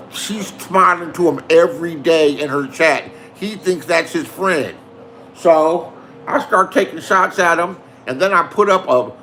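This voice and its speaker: High-voiced man ranting, swearing. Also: fairly bright tone, slight background noise. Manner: boastful, swearing, insists it is the truth. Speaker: online show host. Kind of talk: profane storytelling rant.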